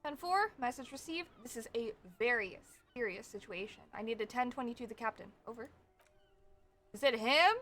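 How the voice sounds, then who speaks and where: A woman's voice: a little high, fairly quick, hardly any pauses, a bit bright, a little hiss or hum. A young woman streaming a game, reading its text aloud and chatting with viewers, swearing now and then. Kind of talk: casual game-reading and chat.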